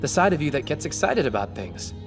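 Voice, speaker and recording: Low, earnest anime young man. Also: big pitch swings, brisk. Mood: sincere. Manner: hesitant, sincere. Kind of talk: anime English dub. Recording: with background music.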